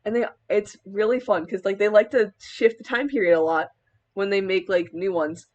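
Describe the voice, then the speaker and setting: A woman's voice: mid-range voice, normal speed, a little mellow, muffled recording. Rambling, giggly young woman. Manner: rambling, heavy use of filler words; giggly, laughs mid-sentence. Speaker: cosplayer. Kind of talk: casual vlog chat while styling a wig.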